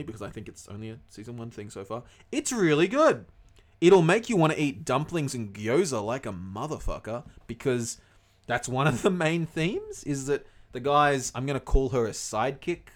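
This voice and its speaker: A young man co-hosting a casual podcast, rambling, swearing freely and losing track of names. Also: medium pitch. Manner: rambling, swears a lot, loses his words. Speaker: podcast co-host.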